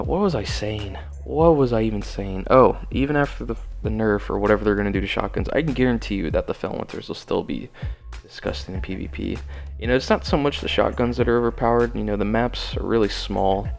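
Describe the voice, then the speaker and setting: Gravelly young man cursing at his game. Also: lowish voice, fairly quick, faint music behind. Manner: exasperated, profane, talks to himself while playing. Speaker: gaming channel host. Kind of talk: casual gameplay commentary.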